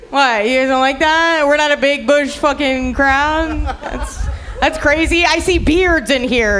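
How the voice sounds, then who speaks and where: A young woman working a comedy club crowd with a high, bright voice. Her delivery is brash and foul-mouthed. She keeps laughing at her own jokes into a handheld stage mic. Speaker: stand-up comedian. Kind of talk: stand-up comedy set. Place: comedy club stage before a live audience.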